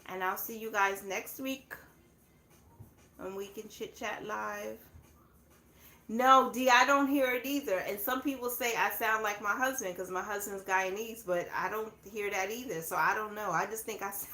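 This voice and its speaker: A woman's voice: mid-range voice, normal speed, sharp tone. Chatty woman in an echoey room. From southern United States. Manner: laid-back, chatty, laughs often. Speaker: livestream host. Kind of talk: casual live chat. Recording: echoey room, faint background noise.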